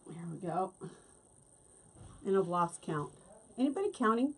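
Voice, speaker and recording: A woman's voice: medium pitch, sing-song, a little slow, slightly rough. A middle-aged woman hosting a casual craft tutorial, chatting and laughing as she works. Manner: chatty, laughs often, talks while working. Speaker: wreath-making host.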